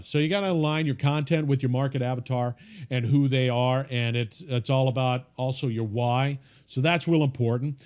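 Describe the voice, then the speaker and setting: A man teaching an informal podcasting course, talking in a folksy, emphatic coaching way with frequent repeats and restarts. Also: mid-range voice.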